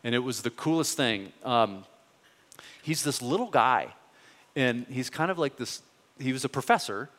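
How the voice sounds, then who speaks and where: A man's voice: mid-range voice, animated, normal speed, fairly bright tone. A man preaching a sermon as a pastor, earnest and conversational, pressing his points with rising questions. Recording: reverberant hall.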